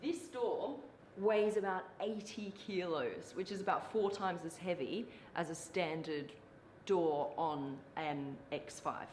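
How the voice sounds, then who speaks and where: An Australian woman presents to camera in an upbeat, direct way, her voice on the low side for a woman. Loud show-floor noise carries behind her. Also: slow pace, poor audio. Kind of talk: video presenting.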